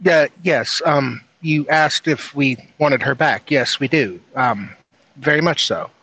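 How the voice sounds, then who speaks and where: A man's voice: mid-range voice, slow, bright, forceful tone, slight background noise, low-quality recording. A man playing a tabletop game, speaking hesitantly with ums and stammers. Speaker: player.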